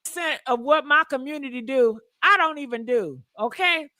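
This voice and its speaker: A woman's voice: high-pitched, normal speed, sharp tone, no echo. A woman hosting a casual gossip livestream, talking emphatically and repeating points for emphasis. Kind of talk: casual commentary.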